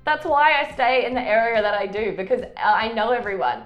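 A woman chats casually and tells lively stories, acting out what other people said in their own voices. Her voice sits fairly high. The room is echoey, with faint music underneath. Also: a little fast, muffled recording. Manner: animated storytelling, acts out other people's lines. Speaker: podcast co-host. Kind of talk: casual chat.

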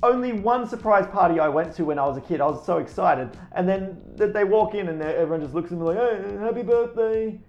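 Guy cohost swearing and joking, pitch jumps around, echoey dull mic. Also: lively intonation, quick pace, hardly any pauses. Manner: swearing, jokey, acts out voices. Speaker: podcast co-host. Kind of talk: casual chat. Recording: roomy, slightly dull sound with faint music.

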